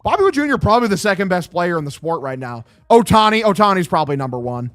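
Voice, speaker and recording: A man's voice: high-pitched, big pitch swings, quick pace, a bit bright, faint music behind. A young man streaming a baseball video game, calling plays like an announcer and ranting bluntly with lots of swearing. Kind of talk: casual gaming stream commentary.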